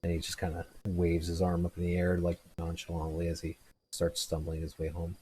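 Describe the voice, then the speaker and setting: A man's voice: low-pitched, completely flat delivery, brisk, mellow, slight background noise, poor audio. A man narrating a tabletop game as game master, hesitant and full of fillers.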